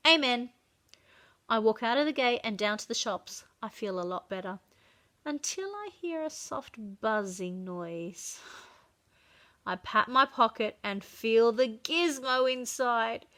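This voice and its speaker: Bright-voiced woman reading a storybook aloud. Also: high voice. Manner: expressive, dramatic read-aloud. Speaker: storyteller for children.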